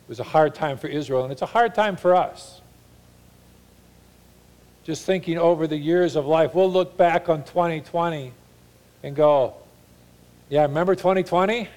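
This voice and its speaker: A man's voice: on the high side, moderate pace, long pauses, darkish tone. Earnest male pastor preaching a sermon. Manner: earnest, shifts into mock voices for paraphrase.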